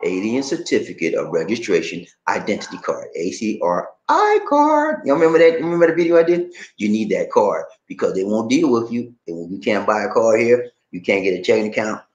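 A man's voice: fairly low pitch, fairly quick, few pauses, echoey room, dull audio. A middle-aged man hosting a casual livestream, reading out chat comments and giving advice in a folksy, laughing way. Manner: animated, laughing, folksy slang. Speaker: vlog host reading live chat.

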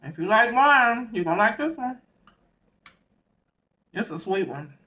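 Speaking a little slowly in a slightly high voice, this Southern American mukbang host talks with a Southern accent. She's relaxed and chatty on her eating show, talking between bites and saying "y'all" a lot.

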